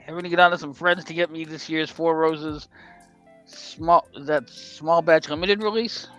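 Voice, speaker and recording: A man's voice: a little high, fairly even intonation, normal speed, fairly bright tone, clean tone, faint music behind. A man in his forties co-hosting a casual live stream, chatting loosely, swearing freely and laughing often. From Australia. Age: 40s. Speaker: co-host of a whisky live stream. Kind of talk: casual chat.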